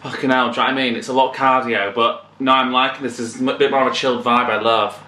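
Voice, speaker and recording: A man hosting a casual album reaction, excitable and swearing, now and then singing along. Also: mid-range voice, fast, noisy background. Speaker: music reaction channel host. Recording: echoey room with loud music behind. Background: music playing.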